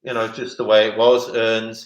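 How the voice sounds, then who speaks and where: A man's voice: on the low side, monotone, moderate pace. Rambling man telling stories. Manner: rambling storyteller, many restarts and acted quotes. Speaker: former footballer, interview guest. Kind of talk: anecdotal interview chat. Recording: roomy echo.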